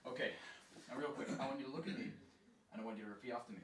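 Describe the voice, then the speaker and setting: A man's voice: medium pitch, racing, crowd noise. A man coaching a student through acting exercises, upbeat and encouraging, often laughing. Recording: echoey room from a distance with faint noise.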